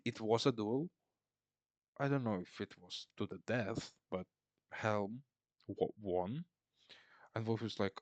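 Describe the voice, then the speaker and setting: A man talks through a film plot at an unhurried, slow pace, his voice sitting a little low. He rambles and mocks the characters with sarcastic asides. The sound is close and dry, with no room around it. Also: a little mellow, no echo. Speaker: film reviewer. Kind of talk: casual film recap.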